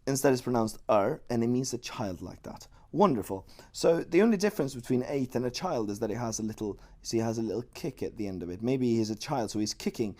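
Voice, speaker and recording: A man's voice: mid-range voice, expressive, a little mellow. Playful male teacher. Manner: playful, joking asides while explaining slowly. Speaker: Chinese language teacher. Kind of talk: online language lesson.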